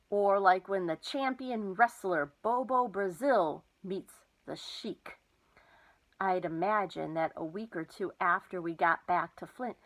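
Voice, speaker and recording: A woman reading a children's novel aloud, with lively, expressive storytelling. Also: lowish voice, rough recording. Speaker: storybook reader.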